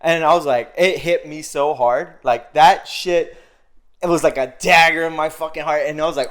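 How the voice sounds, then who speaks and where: A man's voice: fairly high pitch, normal speed. A man telling a story on a podcast, casual and profane, acting out what he and others said. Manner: animated, profane, acts out his own quotes. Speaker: podcast guest.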